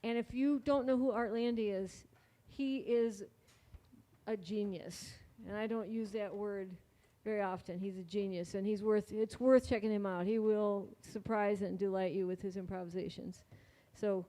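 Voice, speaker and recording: A woman's voice: medium pitch, fairly even intonation, moderate pace, dark tone. Woman giving an earnest stage introduction. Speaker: presenter introducing the band. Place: small performance space.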